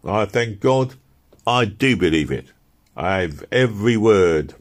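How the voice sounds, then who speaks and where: A man voicing an excitable male street preacher who rants with fervent zeal. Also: fairly low pitch, takes it slowly. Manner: ranting, fervent.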